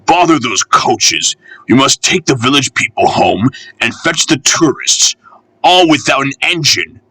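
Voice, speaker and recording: A man voicing a busy railway controller, speaking in a brisk businesslike way. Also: mid-range voice, sing-song, sharp tone, dry recording, heavily acted, low-quality recording.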